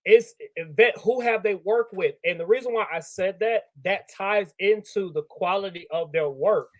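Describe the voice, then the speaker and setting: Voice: medium pitch, moderate pace, no room sound. A panel guest making points earnestly and emphatically, repeating key advice. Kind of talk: casual panel chat.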